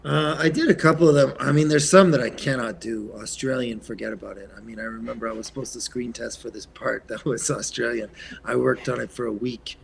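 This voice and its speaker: A man from Quebec, a guest actor, chatting in an interview in a soft-spoken way that often trails off, with plenty of ums and uhs. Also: medium pitch, steady tone, brisk, gravelly, a little hiss or hum. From Eastern Canada, Quebec. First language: French. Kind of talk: casual interview chat.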